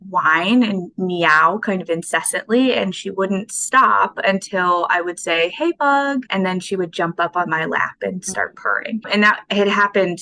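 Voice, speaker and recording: A woman being interviewed about her pottery, speaking in a soft, thoughtful, unhurried way. She talks casually and fills her pauses with "um" and "you know.". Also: lowish voice, slight background noise, rough recording. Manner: soft-spoken, thoughtful, with frequent fillers. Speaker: guest potter.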